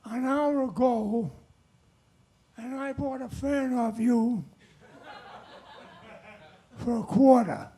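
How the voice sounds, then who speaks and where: An older man putting on a loud, blustering male customer who pushes a complaint. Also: very high-pitched, slow pace, long pauses, slight background noise, heavily acted. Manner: brash and blustering.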